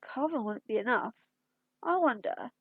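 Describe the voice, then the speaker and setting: A woman reading as an excitable eccentric alien man. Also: a little high, moderate pace, breathy edge, no echo, phone-quality sound. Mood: musing. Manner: eager, rambling, thinking aloud. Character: excitable eccentric male alien time traveller.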